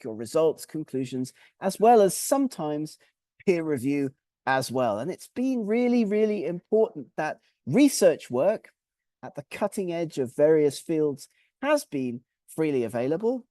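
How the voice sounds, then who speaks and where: Male webinar presenter with a mellow tone and animated pitch, methodical and clear, dry close sound. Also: dry recording. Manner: clear, methodical explaining, with lists and recaps.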